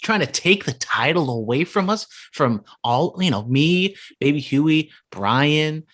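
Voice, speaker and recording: A man co-hosting a casual podcast, teasing his friends in a wry, deadpan way. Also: a little high, slow. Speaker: podcast co-host.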